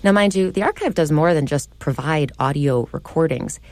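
A woman's voice: deep voice, moderate pace, darkish tone. A woman reporting a radio feature in a conversational, lightly playful narration.

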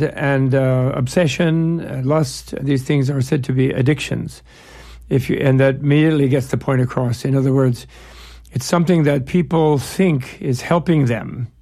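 A man's voice: mid-range voice, darkish tone. A man as an interview guest, explaining ideas in a discursive, digressive way with playful analogies. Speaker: guest, Buddhist scholar.

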